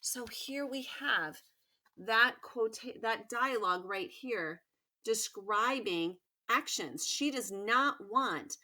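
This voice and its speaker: A woman's voice: fairly high pitch, expressive, takes it slowly, bright, forceful tone. A woman teacher giving a recorded remote lesson to pupils, emphatic and encouraging, repeating key points.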